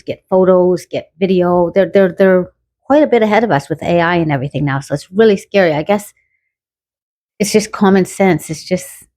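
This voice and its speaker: Low-voiced woman telling a story. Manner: animated, acts out quoted dialogue. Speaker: guest telling a personal story. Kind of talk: casual storytelling.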